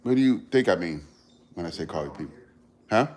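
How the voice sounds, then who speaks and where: Emphatic man with a lively voice. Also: low-pitched, brisk. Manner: earnest, emphatic, repeats phrases for stress; talks straight to viewers, casual slang. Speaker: livestream host. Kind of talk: motivational livestream talk.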